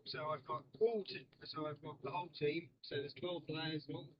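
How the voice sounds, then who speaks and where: A man's voice: on the high side, moderate pace, dull audio. Easygoing man, noisy car recording. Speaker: podcast guest. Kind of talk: casual chat. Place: inside a car.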